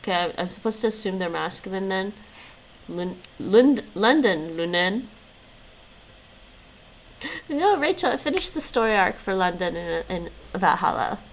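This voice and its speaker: A woman's voice: mid-range voice, very animated, a little fast, few pauses, poor audio. A woman streaming her language study, reading lesson notes aloud and chatting with her viewers, laughing often. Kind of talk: casual live-stream chat.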